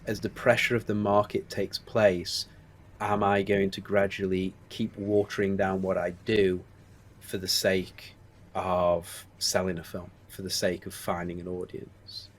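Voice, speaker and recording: A man's voice: low-pitched, level tone, measured pace. A man in his forties with a Stoke-on-Trent accent, a screenwriter talking candidly in an interview, reflective and hesitant with many restarts. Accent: Stoke-on-Trent English. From England. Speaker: screenwriter and producer guest.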